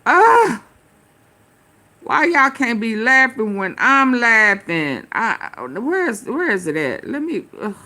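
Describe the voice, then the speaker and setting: Woman streamer, casual reaction chat, slow drawl, bright highish voice. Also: big pitch swings. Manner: slow drawl full of fillers, talks back to clips.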